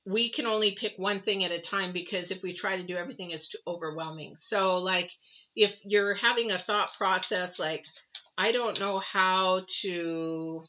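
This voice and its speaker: Bright-toned woman giving a rambling tarot reading. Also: mid-range voice, moderate pace, slight background noise. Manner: rambling, conversational advice with many fillers. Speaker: tarot reader. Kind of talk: casual spoken tarot reading. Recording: dull lo-fi audio.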